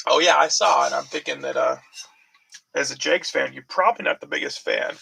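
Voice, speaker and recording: A man's voice: fairly high pitch, normal speed, vocal fry, sharp tone, slightly rough, low-quality recording. A man hosting a casual card break, calling out player names and rambling about football news with plenty of fillers. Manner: chatty, rambling sports talk with fillers.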